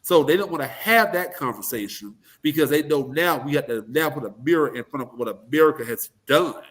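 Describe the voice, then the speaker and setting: A man with a fairly high voice talks politics in a blunt, animated way, and now and then breaks into mocking voices to make a point. He speaks as a guest in a casual interview. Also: a little fast.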